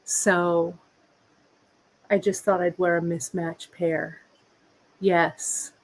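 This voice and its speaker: Slow, chatty woman in her fifties. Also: fairly low pitch, level tone, poor audio. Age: 50s. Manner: chatty, slow and meandering, talks to viewers and her cat. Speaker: host of a live beading show. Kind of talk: casual live-stream chat. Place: workshop bench, indoors.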